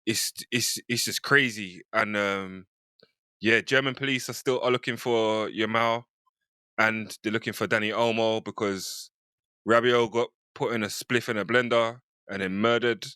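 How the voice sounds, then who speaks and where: A man's voice: fairly low pitch, steady tone, a little slow, bright, forceful tone, clear, resonant tone, no room sound, clean studio sound. A man on a football podcast panel, enthusiastic and rambling as he talks through a match. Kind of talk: casual football chat.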